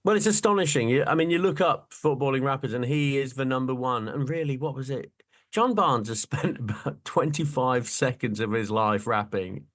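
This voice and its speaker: A middle-aged man co-hosting a relaxed chat show. He talks in an animated, joking way, with his voice sitting at an ordinary middle pitch, and laughs often as he goes. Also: moderate pace. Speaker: podcast co-host. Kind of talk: casual chat.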